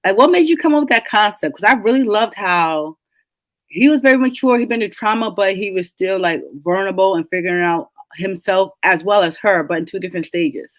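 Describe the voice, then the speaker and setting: At a medium pitch and brisk pace, with no room sound, a woman from New England hosts an online book club. It's casual, chatty talk full of laughter, her voice a little congested from a cold.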